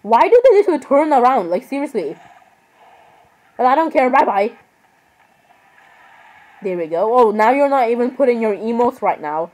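A young woman with a fairly high voice gives casual gaming commentary. She rambles and sounds exasperated with the other players. She keeps apologizing as she talks. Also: very animated, moderate pace, long pauses, darkish tone, low-quality recording. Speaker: gaming vlogger.

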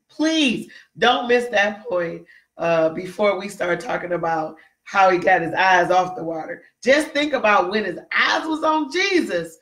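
A woman's voice: on the high side, fairly bright tone. A woman preaching a Bible teaching to an online audience, emphatic and repetitive, tagging her points with "right?" and greeting viewers by name. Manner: repetitive, keeps asking "right?"; emphatic, acts out quotes in raised voices. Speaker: preacher in a ministry.

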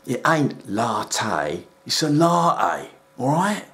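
A man voicing a gruff middle-aged London rehab counselor who talks down in a deadpan, patronizing way. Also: moderate pace. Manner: low, deadpan and patronizing, calls everyone son. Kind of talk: sketch comedy voice acting.

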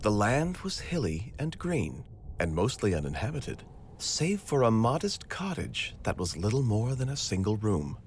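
A man narrating a storybook adventure game aloud in a measured, dramatic way. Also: on the low side, big pitch swings, a little hiss or hum.

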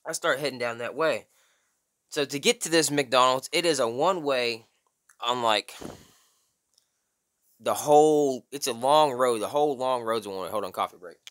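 A young man telling a story casually, full of slang and "bro", loudly acting out the people in it. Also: moderate pace, long pauses. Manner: slangy, animated, says "bro" often; acts out quotes in high strained voice. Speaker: vlogger.

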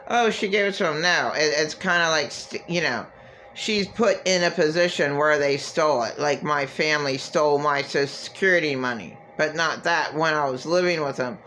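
A woman's voice: low-pitched, moderate pace, a bit bright, slight background noise. A woman vlogger venting in a rambling, agitated, profane monologue.

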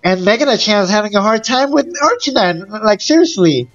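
A gaming YouTuber giving casual let's-play commentary, excitable and full of exclamations and groans. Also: mid-range voice, a little fast, dull audio, faint music behind.

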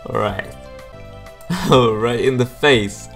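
A young man hosting a gaming video, giving casual gameplay commentary with frequent excited exclamations and giggles. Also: medium pitch, slow, creaky, long pauses, soft background music.

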